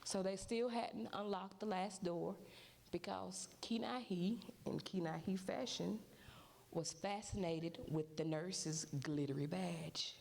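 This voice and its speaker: Gravelly-voiced woman telling her story. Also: on the low side, slow. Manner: animated storytelling, acting out what others said. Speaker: mother giving a testimony. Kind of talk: emotional personal testimony at a church service. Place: church sanctuary.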